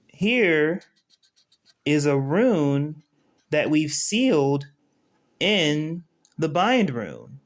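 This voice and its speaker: Guy streaming a how-to lesson, kinda high voice, super conversational, keeps asking if y'all see it. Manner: conversational, keeps checking in with viewers. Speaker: spiritual teacher. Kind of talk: casual live-stream tutorial.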